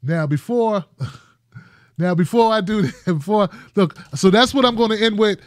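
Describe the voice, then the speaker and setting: A man's voice: sits high, unhurried, dry recording, studio quality. A man hosting a political commentary show, talking casually and emphatically to his viewers and often repeating phrases. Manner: emphatic and repetitive, restarts phrases.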